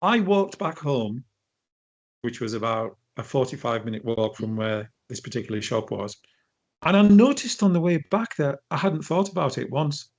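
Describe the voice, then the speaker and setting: Brief: middle-aged man, guest coach, animated storyteller, mid-pitched voice. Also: normal speed, highs cut off. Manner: animated storytelling, frequent restarts. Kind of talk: conversational interview.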